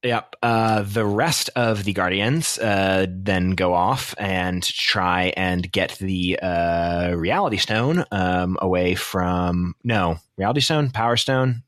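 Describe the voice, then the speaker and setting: A man's voice: deep voice, a bit bright, no echo, clean studio sound. A young man co-hosting a podcast, reviewing a movie in a casual, rambling way with lots of fillers. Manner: rambling, many fillers, quick asides. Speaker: podcast co-host.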